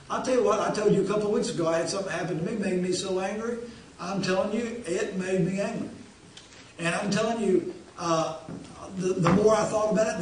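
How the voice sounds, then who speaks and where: A man's voice: high-pitched, a little hiss or hum. Pastor, man, folksy repetitive preacher; heard from afar in a very echoey sanctuary. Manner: folksy, repeats phrases for emphasis. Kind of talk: sermon. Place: church sanctuary. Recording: very echoey church hall, distant.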